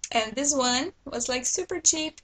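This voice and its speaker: A woman's voice: sits high, animated, measured pace, a bit bright, poor audio. A woman vlogger chatting casually to her viewers about new books, enthusiastic and talkative. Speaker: book vlogger. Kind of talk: casual book haul chat to camera.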